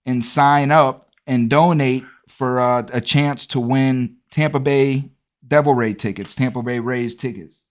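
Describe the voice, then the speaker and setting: A man's voice: mid-range voice, steady tone, measured pace. A man hosting a casual conversation, giving brief, agreeable replies.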